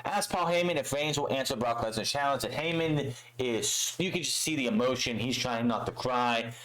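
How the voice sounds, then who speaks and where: A man's voice: mid-range voice, moderate pace, a bit bright, rough recording. A man recapping a wrestling show in a casual, profane way, acting out the lines he quotes.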